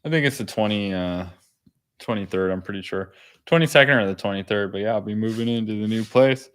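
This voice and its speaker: A man's voice: fairly low pitch, fast, fairly bright tone, clear, resonant tone. A young man, chatting casually on a podcast, laid-back, laughing often and swearing freely. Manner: laid-back, laughing, swears a lot, says "bro" and "dude". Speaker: podcast host. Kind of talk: casual chat.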